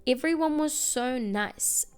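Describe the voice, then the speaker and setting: A woman voicing a naive, excited young princess in an eager, breathless way. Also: sits high, slow pace, smooth, pitched above the performer's own voice.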